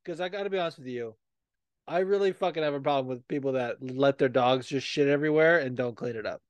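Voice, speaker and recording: A man's voice: mid-range voice, fast talker, clear, resonant tone, dry recording. A man hosting a podcast in casual chat, rambling with lots of swearing and filler words. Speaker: podcast host.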